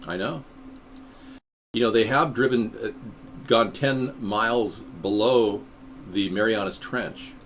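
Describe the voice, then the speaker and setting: A man hosts a casual live stream, rambling in an easygoing, chatty way. His voice sits fairly low, and there is a faint hiss of noise behind him. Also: slow pace, long pauses, fairly bright tone. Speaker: third-party presidential candidate hosting a live stream.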